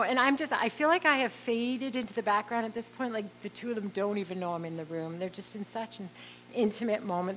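A middle-aged woman, telling a heartfelt personal story in a halting, earnest way with frequent fillers. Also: medium pitch, a bit bright, slight background noise, rough recording. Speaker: interviewee.

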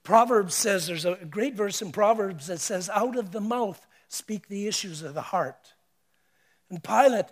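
Male preacher, high-pitched, emphatic sermon delivery with hushed and loud swings. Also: a little slow.

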